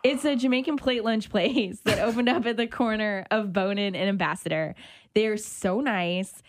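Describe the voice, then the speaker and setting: A woman's voice: mid-range voice, moderate pace, dry recording, clean studio sound. A woman hosting a local radio food show, chatting casually about restaurants and dishes she tried. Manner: chatty, animated about food, self-conscious laughs. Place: radio studio.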